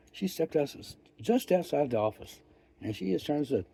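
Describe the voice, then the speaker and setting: An older man telling a rambling story in a profane, folksy, wry way, with pauses and restarts. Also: medium pitch, very animated, creaky, mellow, slightly rough. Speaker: vlogger. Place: outdoors.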